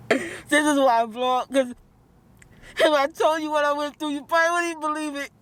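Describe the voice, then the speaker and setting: Woman vlogger, high voice, upset and rambling rant. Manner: upset, rambling, repeats herself; outbursts of disbelief. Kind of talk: emotional vlog rant.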